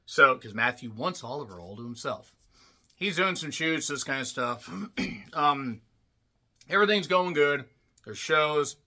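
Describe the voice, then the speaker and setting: A man giving a rambling, casual movie recap, clearing his throat often and swearing bluntly. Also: on the high side, lively intonation, measured pace, pauses often, pushed and bright. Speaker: movie reviewer.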